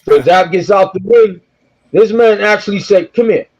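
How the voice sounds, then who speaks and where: Higher-voiced man spinning an animated anecdote. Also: moderate pace. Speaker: co-host. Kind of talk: casual podcast storytelling. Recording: dull lo-fi audio.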